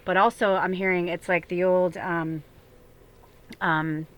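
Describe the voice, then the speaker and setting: A woman's voice: lowish voice, fairly even intonation, unhurried. A woman giving a casual spiritual tarot reading, chatty and rambling, with many fillers and an occasional swear. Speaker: tarot reader.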